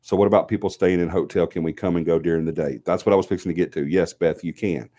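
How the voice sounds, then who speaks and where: A man's voice: deep voice, steady tone, quick pace, warm tone. A man with a Southern US accent, sniffly with a cold, hosting a live show and giving rambling, chatty announcements while holding firm on the rules. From Alabama, US South. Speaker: host of a paranormal team's live show. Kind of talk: casual live-stream announcements.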